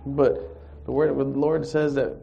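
Man giving a lively church testimony, mid-pitched voice, muffled lo-fi recording. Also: measured pace, creaky, a little hiss or hum. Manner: animated storyteller, acts out dialogue, chuckles. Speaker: church group speaker. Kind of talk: personal testimony and scripture reading.

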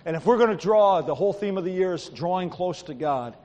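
A man's voice: high-pitched, expressive, a little fast, darkish tone. A man as pastor giving a sermon, telling stories animatedly and acting out the people he quotes. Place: church sanctuary. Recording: long hall reverb.

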